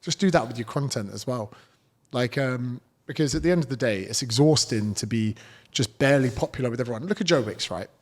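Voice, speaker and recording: A man in a relaxed podcast conversation, telling stories in a blunt, swearing way. His voice sits at an ordinary pitch for a man. He talks as a fitness coach chatting with a host. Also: brisk. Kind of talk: casual podcast chat.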